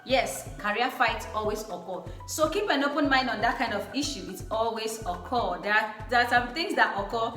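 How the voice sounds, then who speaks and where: A young woman hosts her vlog with an effusive, repetitive way of talking. Her voice sits a little high. The room is echoey, and faint music plays behind her. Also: normal speed, few pauses. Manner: warm, effusive, repeats phrases for emphasis. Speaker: vlog host. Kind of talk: casual chat.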